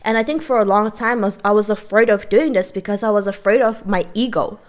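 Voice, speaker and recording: A woman's voice: mid-range voice, a little fast. A woman vlogger delivering a casual, emphatic rant to the camera, often checking in with "okay?". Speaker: art vlogger.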